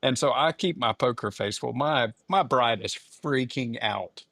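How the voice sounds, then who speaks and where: Animated middle-aged male storyteller. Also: mid-range voice, a little slow, no room sound, clean studio sound. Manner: animated storyteller, acts out quotes. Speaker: podcast co-host. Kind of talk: casual chat, storytelling.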